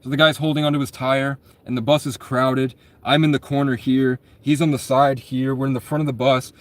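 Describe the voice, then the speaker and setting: A man's voice: mid-range voice, level tone, a little fast, dry recording. A man in his twenties casually telling personal stories, rambling and profane, often breaking off to correct himself. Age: 20s. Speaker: storyteller.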